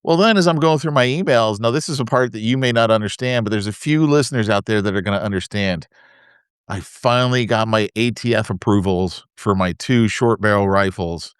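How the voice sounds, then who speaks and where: Give me a man with a smooth, low voice co-hosting a casual podcast. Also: brisk, dry recording, clean studio sound. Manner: chatty anecdotes full of fillers like "right?". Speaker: podcast co-host. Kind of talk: casual chat.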